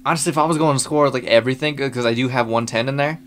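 A man's voice: medium pitch, racing, slight background noise. A man co-hosting a casual movie review podcast, blunt and profane, often answering in short remarks. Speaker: podcast co-host.

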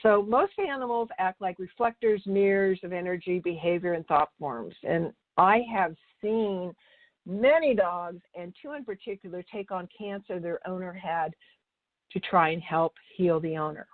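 A woman's voice: lowish voice, moderate pace, no room sound. A woman animal communicator telling stories and teaching in a chatty way, often restarting her sentences and acting out what people said. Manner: chatty, restarts mid-sentence, acts out dialogue. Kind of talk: teaching talk with anecdotes. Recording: dry, tinny phone-like sound.

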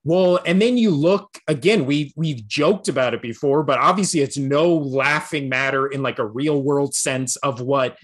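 A man's voice: mid-range voice, moderate pace, few pauses, husky. A man co-hosting a casual sports podcast, ranting bluntly with lots of swearing and laughter. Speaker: podcast co-host.

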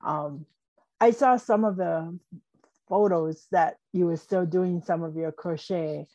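An older woman hosting a casual interview podcast who encourages her guest with quick, affirming responses. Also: on the low side, mellow, dry recording, muffled recording. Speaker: podcast host.

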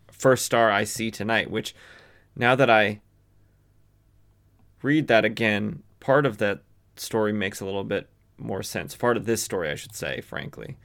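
A man's voice: lowish voice, fairly bright tone. A man from the western United States hosting a podcast, casually recapping a comic book with lots of fillers and self-corrections. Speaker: podcast host.

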